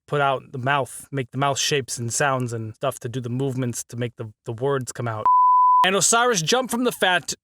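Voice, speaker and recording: A man's voice: fairly high pitch, sharp tone, no room sound, studio quality. A man recording a scripted critique who keeps stumbling over words, cursing at himself and restarting. He says his throat is sore. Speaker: video essay narrator recording outtakes. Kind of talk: blooper outtakes of a scripted critique.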